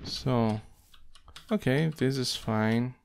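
Man, casual game commentary, very slow halting delivery, noisy recording with keyboard clicks. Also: medium pitch, vocal fry. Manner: muttering to himself while playing, slow and halting. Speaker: gameplay commentator.

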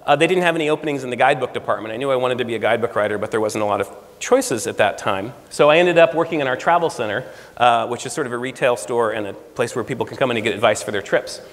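A man in his forties from the United States, a guest speaker telling stories in a lively way and acting out the dialogue. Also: medium pitch, racing. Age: 40s. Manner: lively storyteller, acts out quoted dialogue. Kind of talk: storytelling talk. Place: lecture room. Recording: reverberant lecture hall.

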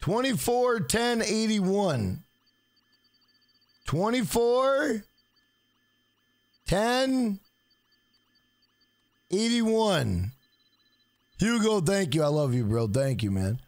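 A man streaming a video game live, swearing freely and loudly hyping up his donors. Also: medium pitch, vocal fry, no echo. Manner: profane, hyped, shouts out donors. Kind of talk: live gameplay stream chat.

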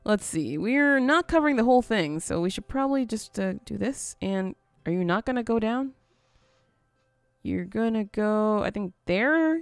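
A woman with a medium-pitched, clean voice and no room sound narrates a building game in casual let's-play style. She hails from the US near the Canadian border and thinks aloud as she hosts, often breaking into little laughs.

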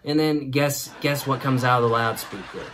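A man's voice: medium pitch, steady tone, moderate pace, background noise. A man hosting a show, telling a comic story and laughing through it. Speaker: host. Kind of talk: comedic storytelling.

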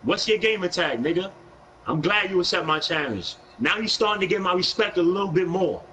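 A man's voice: high voice, lively intonation, a little fast, pushed and bright, slight background noise, low-quality recording. Brash young New York man streaming games. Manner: brash, profane trash talk, aggressive. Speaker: gaming streamer. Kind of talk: live game stream chat.

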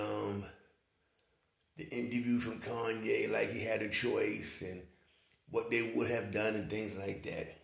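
A man's voice: on the low side, gravelly, roomy sound. A man talking in a casual commentary vlog, rambling and often asking whether you follow him. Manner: rambling, keeps saying "you know what I'm saying". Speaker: online commentator.

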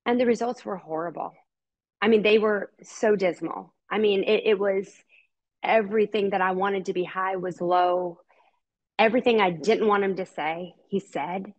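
Husky middle-aged woman. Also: medium pitch, moderate pace, muffled recording. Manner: earnest, heartfelt, repeats words for emphasis. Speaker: podcast guest, mother. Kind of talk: candid personal storytelling.

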